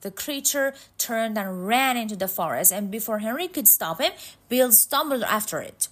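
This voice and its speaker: A woman narrating a storybook tale in a slow, measured, suspenseful way. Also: fairly high pitch, lively intonation, fairly bright tone.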